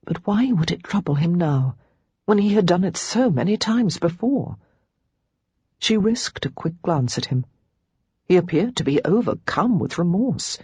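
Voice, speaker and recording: A woman reading a romance novel aloud as an audiobook narrator, giving each character a pitch and tone of their own. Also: animated, unhurried, dark tone, slightly rough, no room sound.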